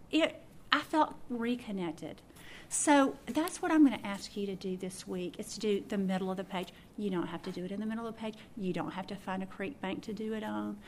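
A middle-aged woman giving an informal sermon, telling a story and acting out her own thoughts with lively swings of voice. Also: medium pitch, a little hiss or hum. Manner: animated, acts out her own thoughts and laughs. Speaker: speaker teaching a prayer practice.

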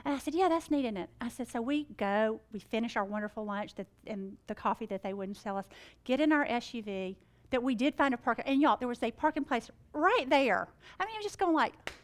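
A woman's voice: fairly high pitch, animated, a little fast. A middle-aged woman, telling a faith story in a chatty, exclamatory way and acting out the dialogue. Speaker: Christian speaker. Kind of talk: animated storytelling.

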